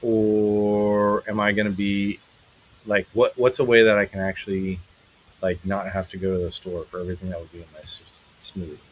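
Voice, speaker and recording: A married man hosting a live stream as a musician, chatting casually with viewers in a rambling, halting way, full of fillers, brightening when he greets people. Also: fairly low pitch, level tone, poor audio. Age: adult, married.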